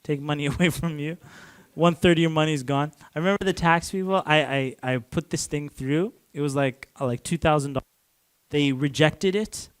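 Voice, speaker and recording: A man from Canada lectures a class in an easy, rambling way, full of "like" and little restarts, chuckling between points. His voice sits a bit higher than most men's. The sound is close and dry, with no room around it. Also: moderate pace, clean tone, no room sound.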